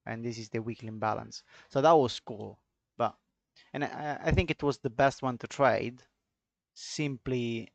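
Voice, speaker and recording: With no room sound around his mid-range voice, an Italian man streams his trading session, his accent clear. He goes over the charts casually and keeps up a relaxed, offhand conversation with his viewers.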